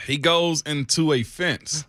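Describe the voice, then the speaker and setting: A man co-hosting a sports radio show, a former pro athlete telling animated stories and laughing often in a studio. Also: a little high, takes it slowly, no room sound. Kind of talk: casual radio chat.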